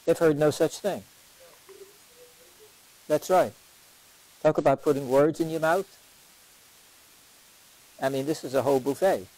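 A man teaching a parish Bible study quizzes his students and repeats important lines to stress them, lecturing on scripture in a lively yet unhurried way. His voice sits on the high side with a warm tone, captured in a rough recording.

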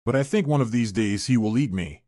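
A man's voice: medium pitch, animated, brisk, mellow, no echo, natural voice. A frightened seven-year-old boy, sure a monster is after him, voiced by a man reading the story. He talks in a fearful, pleading way. The recording is dry and close.

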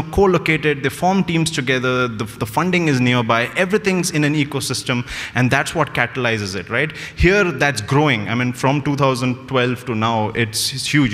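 A man with an Indian English accent giving a humorous keynote talk, telling stories with animated energy and chuckling at his own jokes. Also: medium pitch. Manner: animated storytelling, mixes in Hindi phrases, laughs at own jokes. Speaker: speaker at a corporate event. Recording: reverberant hall.

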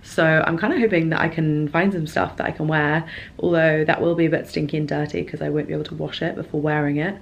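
A woman's voice: low-pitched, fairly even intonation, fast talker, vocal fry, poor audio. Chatty young woman vlogger. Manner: chatty and rambling, lots of "like". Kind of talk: casual vlog chat.

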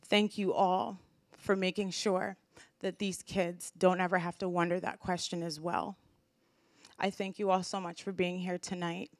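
A woman's voice: on the low side, little pitch movement, measured pace, dry recording. Grateful woman giving a heartfelt speech. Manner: emotional, grateful, with many restarts. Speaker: community speaker. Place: community event hall.

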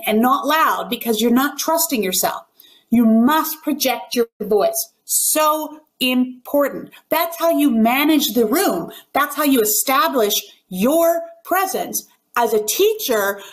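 A woman with a high, animated voice coaches ballet teachers in an instructional video. Her delivery is emphatic and carefully enunciated, and she speaks as a working ballet pianist.

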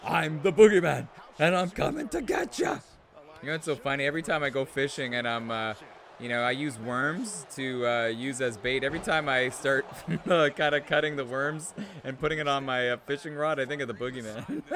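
A man hosting a live stream, excitedly commentating a wrestling video game and reading out viewer messages, shouting at big moves and laughing to himself. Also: mid-range voice, a little fast.

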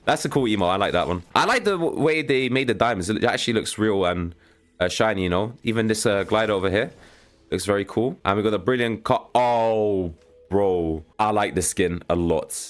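A young man giving casual, excitable commentary as he reacts to a video game, with a slangy, chatty way of talking. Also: fairly low pitch, fairly quick. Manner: casual, excitable, slangy, says "bro" a lot. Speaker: gaming channel host.

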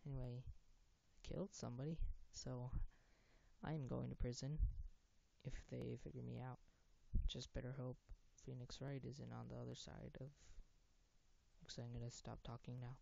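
A casual let's-play host who rambles, cuts off their own sentences and gets excited in tense moments. The voice has a gravelly fry and a warm, dark tone. It comes through a dull, lo-fi home mic. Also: mid-range voice, normal speed. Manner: rambling, self-interrupting, easily excited. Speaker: gaming video host.

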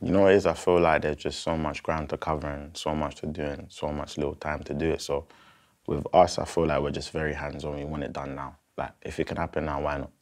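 Deep-voiced man telling a story. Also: quick pace. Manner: animated storyteller, acts out quotes, lots of fillers. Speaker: rapper and guest. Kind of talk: casual storytelling in an interview.

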